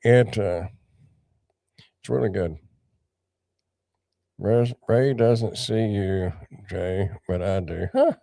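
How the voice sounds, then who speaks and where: A man's voice: on the low side, slow pace, gravelly, long pauses, dark tone, dry recording, clean studio sound. An older man hosting a casual livestream, rambling and greeting viewers by name. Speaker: livestream host.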